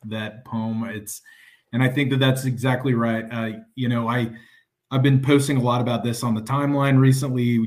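A man, a military veteran, talking casually on a podcast in an earnest, measured way. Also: medium pitch.

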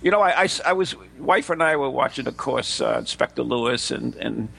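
A man hosting a paranormal radio talk show, giving a theatrical welcome, then chatting in a halting, rambling way. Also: medium pitch, lively intonation, vocal fry, fairly bright tone. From New England. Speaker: host. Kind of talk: casual radio chat.

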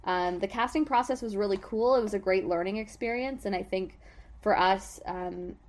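A woman's voice: medium pitch, moderate pace. A woman filmmaker talking in a casual interview, upbeat and grateful.

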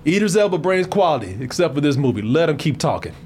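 Casting note: an excitable male podcast host roasting a movie, high and bouncy, with faint background noise. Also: quick pace. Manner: animated, profane, laughing often. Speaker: podcast host reviewing a film. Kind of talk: comedic film-review banter.

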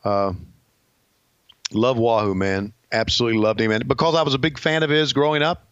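A man's voice: medium pitch, fairly even intonation, brisk, a bit bright, clean tone, dry recording. A man co-hosting a podcast in casual chat, telling stories in a laid-back, dry-humored way, on a dull lo-fi recording. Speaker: podcast co-host. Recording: dull lo-fi sound.

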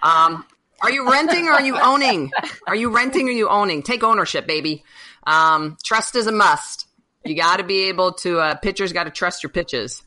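Bright-voiced woman sharing coaching sayings. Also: mid-range voice, lively intonation, normal speed, poor audio. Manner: folksy, quotes coaching sayings. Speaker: podcast co-host, former pitcher. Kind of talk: casual podcast chat.

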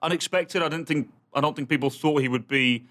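A man co-hosts a casual soccer podcast. He talks like a commentator and gets animated about how names should be said. He laughs often. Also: a little high, brisk. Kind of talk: casual chat.

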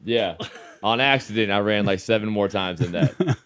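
A man's voice: fairly low pitch, moderate pace, a bit bright, clean tone. A man hosting a sports radio show in a studio, chatting casually and laughing, calling people man and brother. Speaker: radio show host, football quarterback. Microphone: studio microphone.

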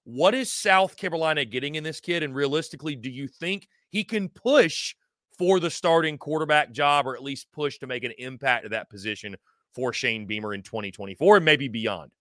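A man hosting a podcast, asking questions in a relaxed way and reading news aloud steadily. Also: medium pitch, brisk, dry recording, studio quality. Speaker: podcast host. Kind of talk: casual podcast interviewing.

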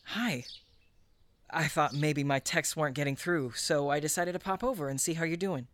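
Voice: mid-range voice, normal speed, fairly bright tone, lightly acted. A person playing a caring, chatty friend who sounds a bit nervous.

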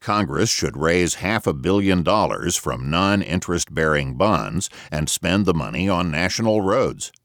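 A man reading a novel aloud as audiobook narrator, measured and reflective, close to a studio mic. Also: low-pitched, lively intonation, a bit bright, no room sound.

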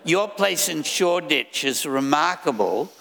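Older man, gravelly and unhurried. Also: on the high side, animated, fairly bright tone, long reverb tail. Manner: dry, wry humor. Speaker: author guest. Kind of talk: live event speech. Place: live venue stage.

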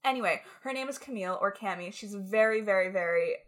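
A woman's voice: mid-range voice, quick pace. A young woman co-hosting a podcast, telling a story in casual chat with lots of "like" and bursts of laughter. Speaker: podcast co-host.

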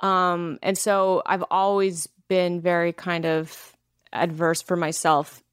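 Woman from Canada, 30s, low-ish voice, candid and giggly guest, dry studio sound. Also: little pitch movement, slow, smooth, no echo. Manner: candid, laughs often, many filler "like"s. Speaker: actress and podcast guest. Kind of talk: casual interview chat.

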